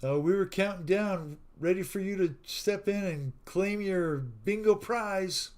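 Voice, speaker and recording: A man hosting a casual live stream, reading out viewers' jokes, laughing often and signing off to his chat. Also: high voice. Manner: slow, warm sign-off talk with frequent laughing at chat jokes. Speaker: livestream host.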